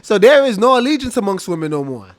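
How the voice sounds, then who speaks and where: High-pitched man ranting in dry close sound. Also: fast, dry recording. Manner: animated, laughs and mocks while ranting. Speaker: reaction commentator. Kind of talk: casual reaction commentary.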